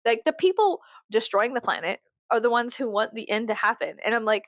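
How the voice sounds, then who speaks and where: A woman's voice: fairly high pitch, expressive, brisk, few pauses, a bit bright, no echo. Giggly, profane woman ranting to camera. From South Texas. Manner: profane, giggly, mocking, sarcastic. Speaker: vlogger. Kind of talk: rambling casual monologue.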